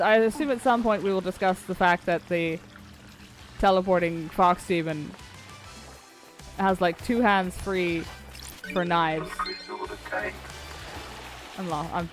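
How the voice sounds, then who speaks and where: A woman's voice: fairly low pitch, slow, long pauses, soft background music. A woman streaming a video game, chatting casually and wryly as she plays and reads aloud. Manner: chatty, wry, swears casually. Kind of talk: casual gameplay commentary.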